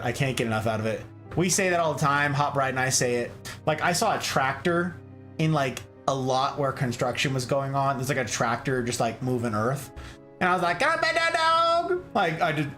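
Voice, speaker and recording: A man's voice: fairly high pitch, a bit bright. A man hosting a casual plant livestream, playful and goofy, slangy, breaking into silly voices. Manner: slangy, lots of "like" fillers. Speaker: streamer hosting a plant stream.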